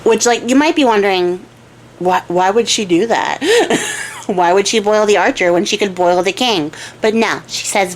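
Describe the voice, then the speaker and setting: A young woman hosting a crafting channel casually retells a folktale while she crafts, with chatty asides and frequent giggles. Her medium-pitched voice is animated, at a moderate pace.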